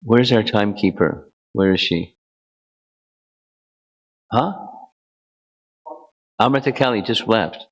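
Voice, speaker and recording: A man giving a devotional lecture as a spiritual teacher, relaxed and bantering with his audience. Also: on the low side, slow, long pauses, rough recording.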